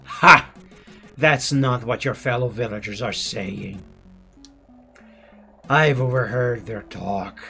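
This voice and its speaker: A man voicing an evil male creature who taunts a young witch in a slow, gloating drawl. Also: medium pitch, gravelly, bright, forceful tone, faint music behind, exaggerated voice. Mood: mocking. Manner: slow, gloating, drawn-out menace.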